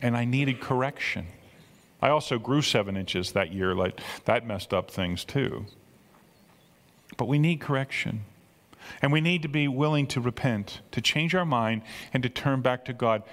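A man's voice: medium pitch, normal speed, a bit bright. Older man preaching in a reverberant hall. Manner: conversational, repeats words, rises to emphatic peaks. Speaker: pastor. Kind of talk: sermon.

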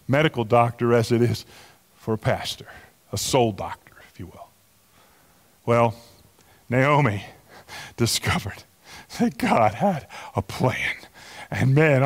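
A man in his sixties, a pastor preaching a sermon, animated and chatty, telling stories with many restarts and asides. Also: medium pitch, big-room sound. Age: 60s.

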